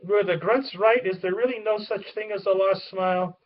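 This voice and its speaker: An earnest little mouse girl, read out by a man in a pitched-up voice. Her questions come from a distance on a dull, lo-fi recording. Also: steady tone, moderate pace, close to an everyday voice.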